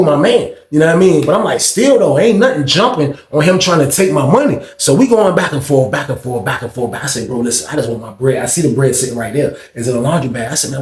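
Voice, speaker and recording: A man telling a story in casual speech, animated, acting out quotes in a raised voice. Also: mid-range voice. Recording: echoey room.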